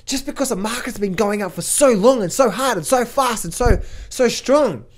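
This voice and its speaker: A man, a trading coach, giving market commentary to camera in an emphatic way, often repeating words when excited. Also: very high-pitched, normal speed.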